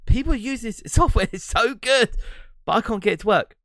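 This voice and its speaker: A man's voice: extremely high pitch, moderate pace, fairly bright tone, no room sound, studio quality. A man hosting his own podcast, talking alone in a rambling, reflective way and breaking into laughs now and then. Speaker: podcast host and streamer. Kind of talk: casual solo monologue.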